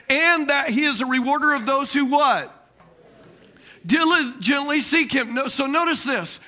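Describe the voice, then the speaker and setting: Pastor guy preaching, super high bright voice, keeps asking the crowd stuff and repeating words. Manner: preaching with call-and-response questions to the congregation; repeats key words for emphasis, swings between loud and soft. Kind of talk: sermon.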